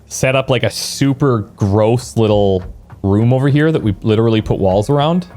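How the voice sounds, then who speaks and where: A man's voice: mid-range voice, normal speed, warm tone, faint music behind. A man streaming a video game, chatting casually and thinking aloud as he plans, now and then answering viewers. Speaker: let's play streamer. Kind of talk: casual gameplay commentary.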